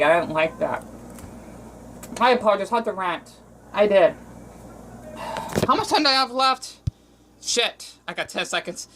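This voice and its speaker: A man from Arizona talking in a casual cooking vlog, rambling and emotional, with frequent restarts and halting phrases. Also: high-pitched, fairly bright tone, slight background noise, rough recording. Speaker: vlogger.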